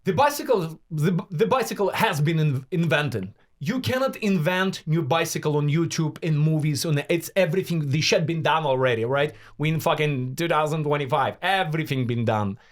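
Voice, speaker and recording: A man's voice: fairly high pitch, animated, moderate pace, few pauses. A man co-hosting a podcast in casual chat, talking bluntly and emphatically and swearing freely. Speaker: podcast co-host.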